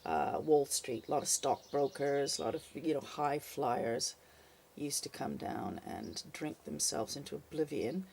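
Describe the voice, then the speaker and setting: An older woman, a former bartender, telling a wry, lively anecdote in a casual spoken style. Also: sits low, a little slow, creaky, slight background noise. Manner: lively, animated, wry storytelling with fillers.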